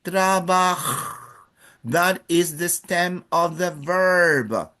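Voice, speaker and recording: A man's voice: sits high, extremely slow, bright, forceful tone. A man teaching a live Spanish class, drilling students by counting in and praising each answer.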